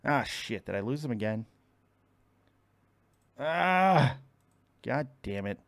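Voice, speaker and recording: A man's voice: mid-range voice, expressive, takes it slowly, no room sound. A man hosting a casual live stream from home, frustrated and swearing freely between bursts of laughter. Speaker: podcast host.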